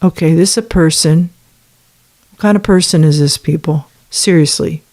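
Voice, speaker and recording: A woman's voice: sits low, moderate pace, a little mellow. Woman reacting to messages she reads out, sarcastic and fed up, firing questions at her listeners. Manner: sarcastic, indignant asides. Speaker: commentator on a former church. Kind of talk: reaction commentary, reading messages aloud.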